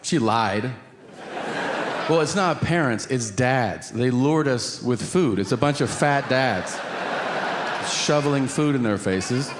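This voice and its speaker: A man's voice: medium pitch, lively intonation, slow pace. A man doing a stand-up comedy routine on stage, sarcastic and exasperated as he tells a story about family life. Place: comedy stage before a live audience. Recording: echoey live stage recording with noise.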